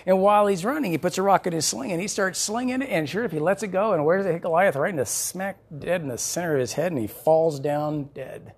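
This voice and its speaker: A male pastor preaching a sermon, telling the story in an animated way with chuckles. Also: sits high, fast, few pauses, husky.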